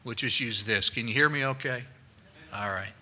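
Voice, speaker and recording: A male pastor telling a story in a sermon, animated and acting out the voices of people he quotes, on a worn microphone in a church. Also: medium pitch, moderate pace, a little hiss or hum, low-quality recording.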